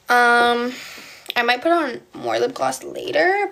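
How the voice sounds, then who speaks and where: A woman's voice: fairly high pitch, slow pace, creaky, a bit bright. A young woman from Poland chatting on a phone live stream, answering viewer comments in a valley-girl way of talking and often stuttering. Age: young adult.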